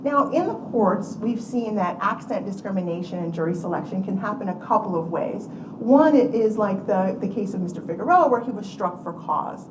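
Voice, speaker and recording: A woman's voice: mid-range voice, expressive, normal speed. A woman law professor giving a panel talk, telling a story in an earnest lecture style. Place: lecture room. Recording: echoey room from far off with background noise.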